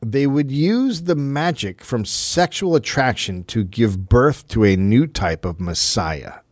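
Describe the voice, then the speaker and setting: A man hosting a comedy podcast, retelling a story in a dry, deadpan way. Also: mid-range voice, takes it slowly, dry recording. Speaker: podcast host. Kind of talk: comic storytelling.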